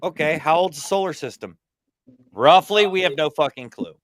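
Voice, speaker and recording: A man's voice: on the high side, expressive, moderate pace, a bit bright, a little hiss or hum. A man chatting casually as a stream host, rambling and swearing freely. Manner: rambling, profane, puts on goofy alien voices mid-story. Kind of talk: casual chat.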